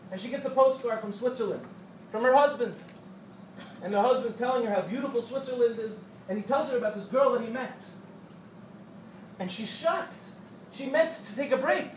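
High-voiced man telling Torah stories. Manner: animated storyteller who acts out quotes and jokes with the audience. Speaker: Torah teacher addressing young women. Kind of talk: storytelling Torah class. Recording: echoey room, distant mic, faint hum.

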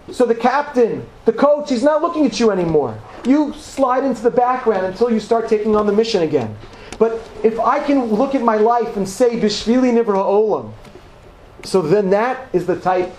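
A man with a fairly high voice delivers a Torah lecture to a live audience. He speaks conversationally and with emphasis, often doubling words to drive a point home. The room is echoey, with a faint hum of background noise. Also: a little mellow. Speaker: rabbi teaching a class.

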